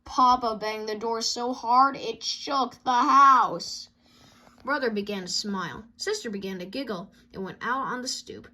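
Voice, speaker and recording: A woman reading a children's picture book aloud in an expressive way. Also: fairly high pitch, measured pace. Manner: expressive, sound-effect dings between pages. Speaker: storybook reader.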